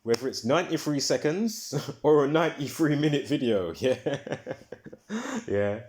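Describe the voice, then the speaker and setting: A medium-pitched man with lively intonation and a darkish tone speaks at a normal pace while hosting his own video. His chatter rambles, full of fillers, repeats and restarts, and he swears when things get heated.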